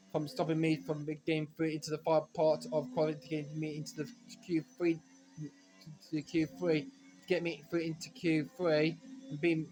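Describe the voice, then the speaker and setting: A man giving rambling, self-correcting commentary while playing a racing game, now and then breaking into frustrated shouts. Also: fairly high pitch. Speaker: gaming commentator. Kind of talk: casual let's-play commentary.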